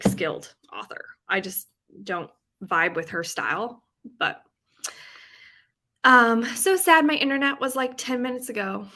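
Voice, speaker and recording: A woman's voice: medium pitch, pushed and bright. A woman hosting a live reading stream, chatting casually with her viewers in a bubbly way, full of "like" and "um". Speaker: book-reading livestream host.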